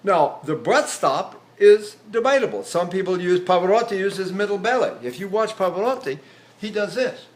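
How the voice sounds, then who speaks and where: A man's voice: high-pitched, expressive, normal speed. An older male voice teacher giving a rambling lecture on vocal technique, breaking into demonstrations and sung vowels.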